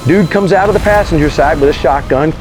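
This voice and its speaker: A man telling a story as an interview guest, animated and slangy, swearing freely. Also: fairly high pitch, brisk, music in the background. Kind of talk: casual storytelling.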